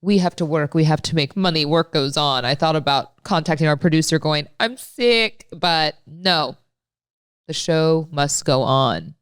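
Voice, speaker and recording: A woman in her late thirties co-hosting a podcast, her voice stuffed up from a head cold. Despite the congestion her tone stays smooth and clear, and the sound is dry and close. She rambles in a chatty, self-deprecating way. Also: low voice, steady tone, moderate pace, dry recording. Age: late 30s. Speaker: podcast co-host. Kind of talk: casual podcast chat.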